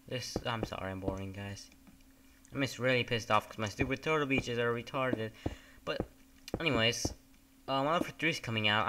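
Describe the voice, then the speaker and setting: A man's voice: medium pitch, bright, forceful tone, slight background noise. A man giving casual gameplay commentary, rambling, swearing often and getting easily annoyed. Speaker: gamer.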